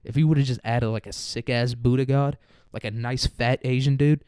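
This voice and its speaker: A young man rambles through a comic monologue, cursing freely and with no reverence. His voice is smooth and clear, and the recording is dry and close. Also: medium pitch, steady tone, normal speed, mellow, dry recording. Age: young adult. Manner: profane, rambling, irreverent. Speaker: comedy podcaster.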